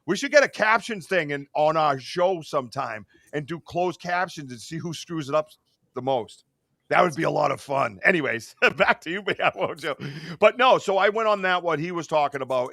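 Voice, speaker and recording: Excitable man with a bright, dry voice. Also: a little high, dry recording. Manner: excitable, rambling, lots of fillers. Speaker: podcast host. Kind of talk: casual podcast chat.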